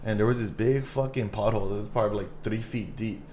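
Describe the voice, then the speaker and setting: A man co-hosting a podcast, swearing freely and getting animated as he tells a story in casual chat. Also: on the low side, fast talker, slight background noise. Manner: swears a lot, animated when retelling a story. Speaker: podcast co-host.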